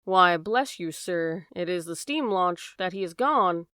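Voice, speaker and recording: A woman's voice: lowish voice, expressive, measured pace, sharp tone, clear, resonant tone, no echo, studio quality. A woman voicing an anxious, chatty boatman's wife, in an audiobook. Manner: homely, dropped endings, worried run-on talk.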